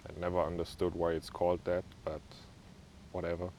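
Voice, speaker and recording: A young man with a German accent leading a guided stretching class in a calm, easygoing way with small joking asides. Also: low voice, brisk, slight background noise. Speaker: yoga instructor.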